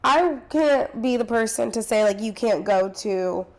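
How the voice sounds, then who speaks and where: Speaking in a slightly high, expressive voice at an unhurried pace, a young woman in her twenties, a cheer coach and podcast co-host, keeps the chat casual. She uses plenty of filler words and tosses in laughing asides.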